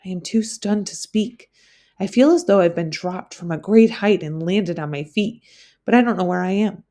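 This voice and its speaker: Teacher reading a novel aloud, gravelly low voice. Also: female voice, moderate pace. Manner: plain, steady classroom reading with occasional slips.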